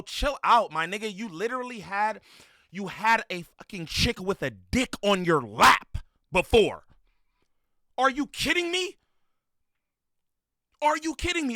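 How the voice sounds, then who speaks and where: A man with a high, bright, sharp voice heckles and mocks in a loud reaction commentary. The sound is dry and close, with no room around it. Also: no room sound.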